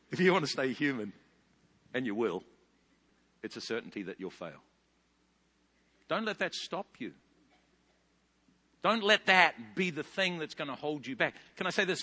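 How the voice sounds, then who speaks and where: Male pastor, fifties, New Zealand accent, lively storyteller with a bright, high voice. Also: moderate pace, pauses often, breathy edge. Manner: animated storytelling with big loud rises. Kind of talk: sermon. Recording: long hall reverb.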